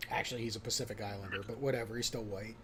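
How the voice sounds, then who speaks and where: A man's voice: on the low side, steady tone, very fast, fairly bright tone, slight background noise. A man hosting a casual podcast chat, tossing out dry, sarcastic quips. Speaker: podcast host.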